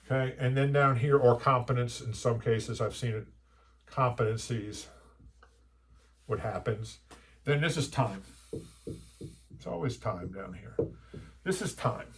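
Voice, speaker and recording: A man's voice: a little high, a bit bright. Man lecturing at a whiteboard. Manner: conversational, self-correcting, drawing while talking. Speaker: coach.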